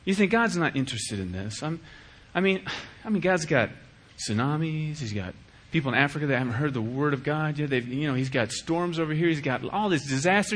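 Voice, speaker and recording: Animated, bright-voiced male preacher. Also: fairly high pitch. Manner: animated, acts out dialogues with shifting voice. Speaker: pastor. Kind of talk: sermon.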